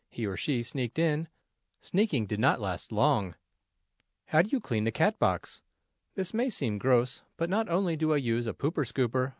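A man reading a personal essay aloud in a measured, earnest way with gentle humor. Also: mid-range voice, dry recording, clean studio sound. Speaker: reader.

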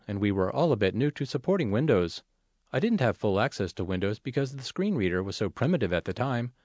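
A man reading a magazine article aloud in a measured, expressive way, as scripted narration. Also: mid-range voice, no echo, clean studio sound.

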